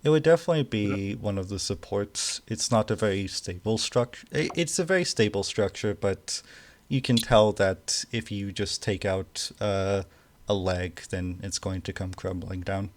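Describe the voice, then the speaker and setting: A man narrating a tabletop game as game master, speaking slowly and hesitantly with many fillers. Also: on the low side.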